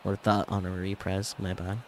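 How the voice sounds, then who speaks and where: Low-voiced man reading a visual novel. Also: monotone, a little fast, noisy background. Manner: reads narration, breaks off for casual asides. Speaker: streamer. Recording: game music playing under the voice.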